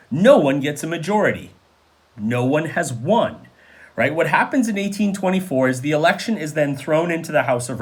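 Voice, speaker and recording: Animated man teaching history. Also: a little high. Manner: animated, conversational, asks rhetorical questions. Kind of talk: classroom history lecture.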